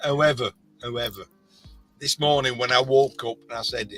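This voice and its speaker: Scottish man, casual live-chat banter, joking, bright voice, faint music behind. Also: mid-range voice, moderate pace. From Scotland. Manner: joking, teasing, animated.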